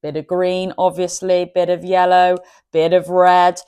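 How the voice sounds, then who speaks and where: A woman talks viewers through a colouring tutorial in a chatty, self-deprecating way. Her voice sits a touch lower than most women's. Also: flat delivery, measured pace, warm tone, smooth. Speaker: art channel host.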